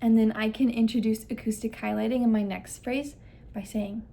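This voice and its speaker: Speaking at a moderate pace in a fairly high, creaky yet mellow voice with fairly even intonation, a young speech therapist demonstrates a listening game for parents. She breaks it down step by step, modeling exaggerated stress on the key words.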